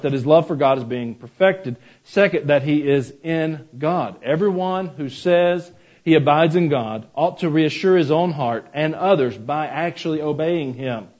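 A man's voice: on the high side, a little mellow, muffled recording. A man preaching a sermon as pastor, mixing scripture with folksy personal stories and asides to the congregation.

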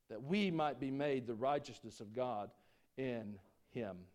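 A man preaching a sermon, folksy and joking with the congregation, swinging between loud preaching and quiet asides. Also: mid-range voice, unhurried. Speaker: pastor.

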